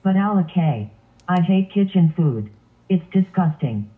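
A man's voice: sits high, big pitch swings, takes it slowly, full character voice. Man voicing a bratty whiny lion. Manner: whiny, repetitive demands. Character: bratty demanding male lion. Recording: tinny phone-like sound.

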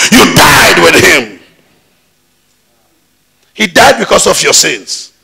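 A man's voice: sits high, vocal fry, bright, forceful tone, breathy edge. A man preaching a sermon in a church, emphatic, with call-and-response questions. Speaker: pastor.

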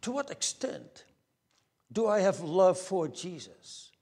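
A man preaching from a church pulpit, his voice set a little high and his delivery slow and deliberate. He presses key words with force, then drops to a hushed near-whisper. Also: big pitch swings, breathy edge. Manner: earnest, swings from raised emphasis to hushed near-whispers. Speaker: pastor. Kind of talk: sermon.

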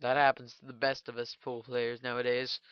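A man giving casual gameplay commentary, joking crudely and trash-talking with sudden excited outbursts. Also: mid-range voice, brisk, smooth, dry recording, muffled recording. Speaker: gaming channel host.

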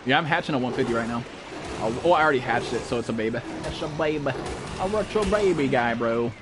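A male gaming streamer riffing live with viewers, loose and profane, tossing "bro" and "dude" into everything. His voice sits at an ordinary middle pitch. A steady wash of noise runs under the recording. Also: fast. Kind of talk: casual live-stream commentary.

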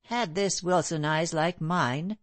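A woman reading a cold, composed gentleman. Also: on the low side, slow pace, dry recording. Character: calm, stern gentleman with a hard voice.

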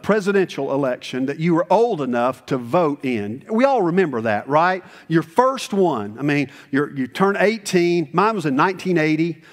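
A man in his sixties preaching a sermon as pastor, conversational and animated, with sudden high bursts of emphasis. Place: church sanctuary. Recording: long church reverb.

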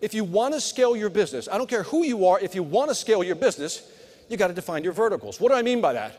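High-pitched motivational man in a big hall. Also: sing-song, very fast, darkish tone. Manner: punchy motivational delivery, talks to the crowd. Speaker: keynote sales speaker. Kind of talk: live conference keynote. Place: large conference hall. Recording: long hall reverb.

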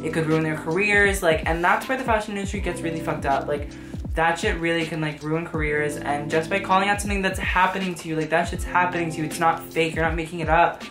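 Woman ranting casually, lots of swearing, sarcastic, low voice, roomy echo and music under it. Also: steady tone, fast. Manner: profane, sarcastic, frank. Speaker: fashion vlogger. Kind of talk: casual commentary. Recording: echoey room with background music.

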